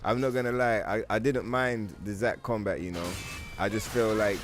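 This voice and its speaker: Male streamer, lowish voice, loose profane rambling chat with viewers, soft music bed. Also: fairly even intonation, moderate pace. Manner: talks to his chat. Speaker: livestreamer. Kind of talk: casual gaming stream chat.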